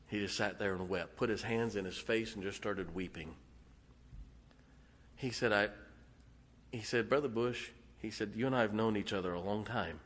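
A male pastor preaching a sermon in a folksy way, dropping to hushed tones and then rising to loud exclamations. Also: lowish voice, normal speed. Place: church sanctuary. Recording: long hall reverb.

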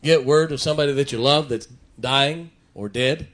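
A man's voice: mid-range voice, normal speed, fairly bright tone. A man preaching a sermon to a congregation, folksy and emphatic, repeating his key lines and chuckling between points. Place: church before a congregation.

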